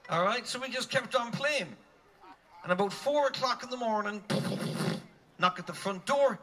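Bright-voiced man telling a stage story. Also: extremely high pitch, moderate pace. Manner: animated, comic, scats tunes mid-story. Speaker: band frontman. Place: outdoor concert stage.

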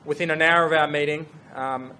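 A man's voice: on the high side, a little fast, slight background noise. Earnest man telling a story. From Australia. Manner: earnest, animated storytelling with restarts. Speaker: fashion brand founder. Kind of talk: storytelling talk to an audience.

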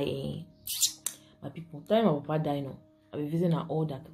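A woman's voice: low voice, fairly even intonation, normal speed, gravelly, warm tone, soft background music. A woman from Cameroon with a Cameroonian Pidgin English accent, hosting a casual vlog and chatting to her viewers, laughing often and switching between pidgin and English. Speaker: vlog host.

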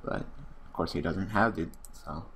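A man's voice: sits low, measured pace, fairly bright tone, a little hiss or hum. A young man hosting his own channel, giving casual commentary over a card game as he plays, muttering and swearing when things go wrong. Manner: swears a lot, frustrated muttering. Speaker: gaming channel host.

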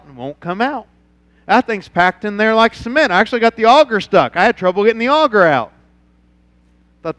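A male pastor preaching a sermon, telling a personal story and moving from quiet, low passages to loud, fervent ones. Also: clean tone, no room sound. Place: church.

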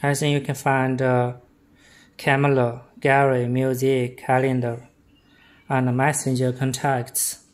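A man from China demonstrates a product in simple, broken English. He speaks slowly and without hurry, keeping his pitch flat and even while stringing together short, halting phrases.

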